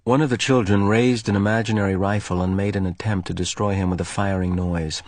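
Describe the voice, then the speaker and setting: A male teacher reading a novel aloud to his class in an expressive, storytelling way. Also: on the low side, fairly quick, dry recording.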